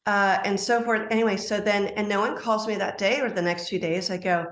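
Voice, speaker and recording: A middle-aged woman, a life coach, telling a personal story as a podcast guest, animated and acting out quoted dialogue. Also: medium pitch, fairly quick, hardly any pauses. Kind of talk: storytelling interview answer. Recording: roomy echo.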